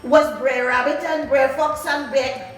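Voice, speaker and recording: A woman telling folk tales to an audience, lively and full of call-and-response asides. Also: high-pitched, unhurried. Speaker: storyteller. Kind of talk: oral folk storytelling to an audience. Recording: echoey hall, distant mic, faint music.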